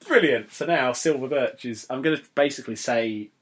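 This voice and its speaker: A man's voice: medium pitch, a little fast. A young man from England hosting a podcast in casual, rambling, jokey chat that keeps wandering into digressions. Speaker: podcast host.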